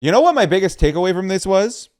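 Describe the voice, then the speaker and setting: A man co-hosting a podcast in casual chat, with a fairly high-pitched voice. He is animated and opinionated and often stumbles over his words as he starts sentences again. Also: fast talker. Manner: animated and opinionated, with frequent restarts. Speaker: podcast co-host.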